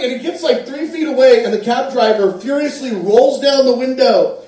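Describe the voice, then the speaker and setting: A man with a fairly high voice preaches with animated storytelling. He is picked up from a distance in a very echoey hall. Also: moderate pace, few pauses. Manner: animated storyteller, acts out quotes. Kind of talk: sermon storytelling.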